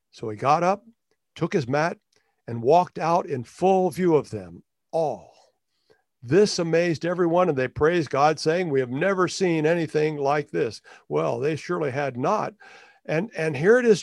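Conversational pastor preaching a sermon. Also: male voice, on the high side, animated, moderate pace, a little mellow, no echo, studio quality. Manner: conversational, reflective preaching with frequent restarts.

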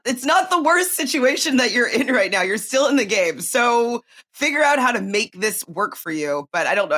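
A woman with a slightly husky voice offers her take on a reality show in a loose, chatty way. Her pitch sits in the middle, and she fills her talk with "like" and "I mean". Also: a bit bright. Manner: chatty, many likes, laughs between points. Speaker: co-host giving opinions on a reality show. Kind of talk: casual podcast commentary.

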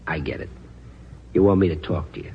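An actor playing a bitter, grieving ground crew sergeant in 1940s radio acting, curt and sarcastic. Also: male voice, very deep voice, a little fast, highs cut off, slight background noise. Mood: sullen.

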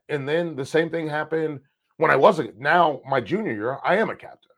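A man co-hosting a podcast, telling personal stories in a casual, animated way and swearing freely. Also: fairly high pitch, brisk. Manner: animated, swears freely, acts out past conversations. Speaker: podcast co-host. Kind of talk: casual storytelling chat.

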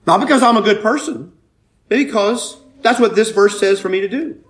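A man preaching a sermon, telling a personal story with loud emphatic bursts and quiet asides. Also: high-pitched, moderate pace. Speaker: pastor.

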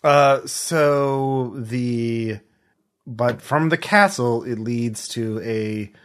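A man's voice: medium pitch, very slow. A man narrating as game master, rambling with many fillers and restarts.

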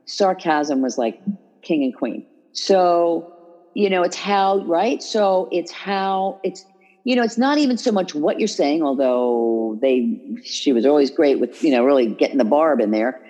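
A woman hosting a casual podcast chat about caregiving, animated and full of restarts and fillers. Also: deep voice, a little slow, dull audio. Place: New York.

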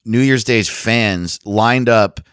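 A young man with a lowish voice rambles through a profane anecdote, filling it with "uh" and "like" in easy podcast chat. He sounds close and dry, with no room around him. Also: takes it slowly, a bit bright, no echo. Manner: rambling, profane anecdote telling with many fillers. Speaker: comedian guest. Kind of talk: casual storytelling chat.

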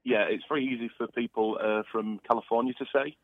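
A man's voice: medium pitch, steady tone, brisk, no echo. A man who is a comedian guest, calling in while recovering from an illness, chatty and laughing often. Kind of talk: phone-in interview. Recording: tinny phone line.

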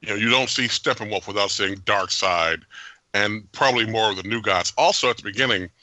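A man hosting a podcast, giving an animated, jokey and opinionated movie review with frequent laughs. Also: lowish voice, brisk, no room sound. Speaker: podcast host. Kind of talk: casual movie review chat.

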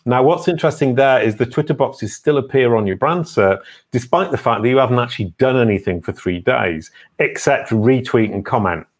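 A man's voice: medium pitch, animated, brisk, hardly any pauses, breathy edge. A man hosting a casual online interview, chatty and enthusiastic with playful teasing. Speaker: host.

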